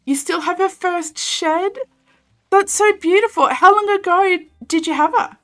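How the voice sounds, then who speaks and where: A young Australian woman with a very high voice chats casually and animatedly while streaming a game, reading chat and laughing often. She keeps a measured pace, with faint music in the background.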